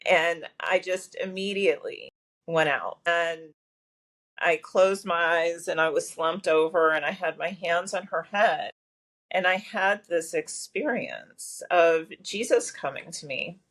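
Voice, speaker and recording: A woman's voice: lowish voice, measured pace, fairly bright tone. A woman guest telling a personal story in a podcast interview, talkative, with lots of fillers and restarts. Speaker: guest, massage therapist.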